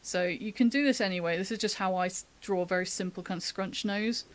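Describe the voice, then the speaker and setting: A woman's voice: medium pitch, a little fast. Chatty woman talking through a drawing. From United Kingdom. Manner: chatty, thinking aloud, laughs often. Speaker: artist giving a drawing demo. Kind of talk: casual live-stream drawing tutorial.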